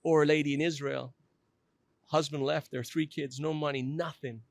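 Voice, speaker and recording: Earnest storytelling man, slightly high voice. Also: steady tone, moderate pace, gravelly, dry recording. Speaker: guest. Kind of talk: personal storytelling in a podcast interview.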